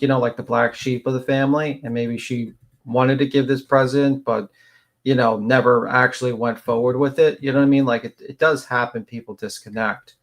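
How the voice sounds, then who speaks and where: A man co-hosting a casual true-crime chat, talking in a rambling way with many fillers. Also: medium pitch. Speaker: co-host.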